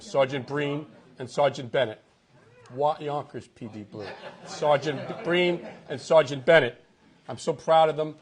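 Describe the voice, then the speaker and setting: A middle-aged man with a New York accent giving a punchy campaign announcement speech, repeating lines for effect. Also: a little high. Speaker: political candidate. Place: outdoors at a golf club event. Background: crowd.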